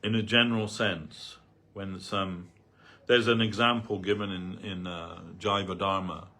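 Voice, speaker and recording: A man's voice: deep voice, fairly even intonation, measured pace, pushed and bright. A man giving a loose, anecdotal talk on a spiritual reading, full of "like" and "you know". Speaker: devotee speaker. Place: temple hall.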